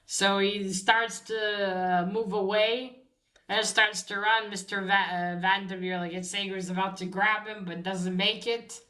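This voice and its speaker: This woman speaks at an ordinary middle pitch and retells a novel's plot in a loose, chatty way. She stops often on small filler sounds and picks her thread back up as she goes. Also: fairly even intonation, bright, forceful tone, low-quality recording. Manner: hesitant, many filler pauses. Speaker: book discussion host.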